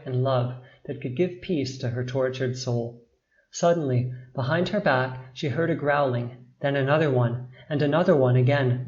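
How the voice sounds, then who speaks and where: A man narrating a bedtime story at a medium pitch, slow and expressive, with dramatic swells. His voice is recorded in an echoey room with a slightly dull, lo-fi sound.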